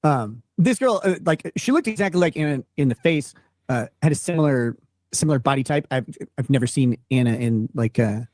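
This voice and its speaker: A man from Minnesota rambling through a casual story, halting often with fillers. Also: medium pitch, expressive, darkish tone, no room sound, clean studio sound. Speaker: streamer telling an anecdote.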